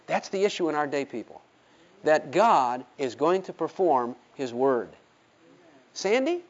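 A man preaching a sermon, animated and full of rhetorical questions, acting out the Bible quotes he reads. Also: high voice, normal speed. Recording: dull lo-fi sermon recording.

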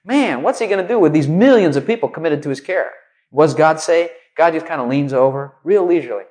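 A man's voice: a little high, quick pace. A man preaching a sermon in a loose, conversational way, full of asides. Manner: conversational, animated storytelling, many asides.

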